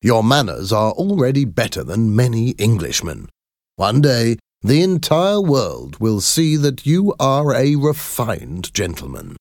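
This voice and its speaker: A man's voice: medium pitch, very animated, measured pace, dry recording, clean studio sound, voice pushed up. A man voicing a kind, earnest Victorian doctor who speaks reassuringly. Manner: warm and reassuring.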